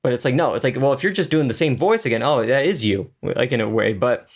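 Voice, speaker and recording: A man's voice: medium pitch, lively intonation, quick pace, slightly rough. A man co-hosting a podcast in casual chat, jokey and chatty with many fillers. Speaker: podcast co-host.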